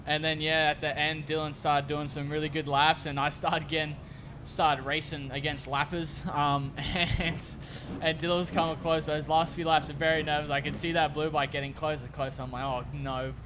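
A man's voice: on the high side, flat delivery, normal speed, background noise. A man, a racer at a post-race press conference, telling his race in a casual, rambling way.

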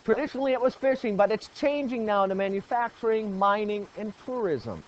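A male teacher with a lively, high voice gives a geography lesson at a fairly quick pace, asking the class questions, praising answers and repeating key points. The classroom recording is dull and lo-fi, with a little hiss or hum.

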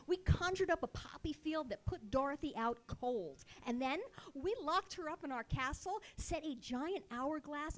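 Woman storyteller on stage, sarcastic and comic, high voice that leaps around. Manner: sarcastic, animated comic delivery. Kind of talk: live storytelling performance. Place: live show stage.

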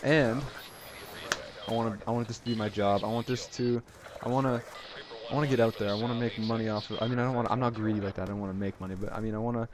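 A man giving casual, rambling gameplay commentary, excitably retelling his moments in the match. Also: fairly low pitch, quick pace, a crowd in the background. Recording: noisy game audio underneath. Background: game sound effects.

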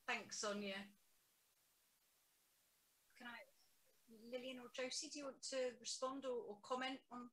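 A woman hosting an online meeting, friendly and brisk, thanking speakers and handing over. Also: a little high, steady tone, fairly bright tone, low-quality recording. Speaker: meeting chair. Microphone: video call mic.

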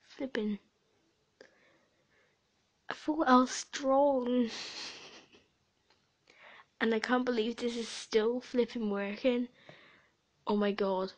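Young woman gaming streamer, unhurried, giggly, chatty, slips into whispers. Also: on the high side, fairly even intonation. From Sweden and Britain. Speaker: gaming video creator. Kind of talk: casual game commentary.

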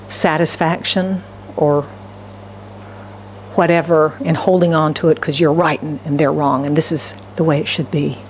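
A woman's voice: low voice, slight background noise. Impassioned woman pastor preaching a sermon. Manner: impassioned, swinging from raised declarations to hushed, near-whispered pleading; asks the congregation rhetorical questions. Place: church sanctuary.

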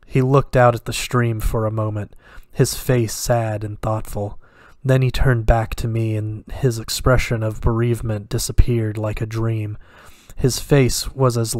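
Flat, measured male story reader. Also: on the low side, dry recording, studio quality. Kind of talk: horror story reading.

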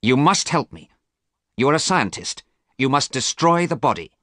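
A man's voice: fairly low pitch, huge pitch swings, moderate pace, creaky, fairly bright tone, no echo, clean studio sound, voice pushed up, full character voice. A man voicing a desperate young man who turns cold and threatening, in an urgent, pressing way.

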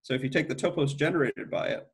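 A man's voice: mid-range voice, quick pace. A middle-aged man giving an academic mathematics lecture, thinking aloud with frequent restarts and self-corrections.

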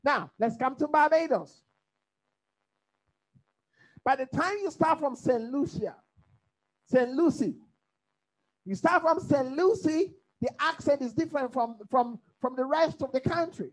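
A woman teaching a Bible study in preaching style, lively and humorous, asking the listeners to fill in her words. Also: high voice, a little slow, poor audio. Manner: rhetorical call-and-response questions; lively, humorous, mimics accents.

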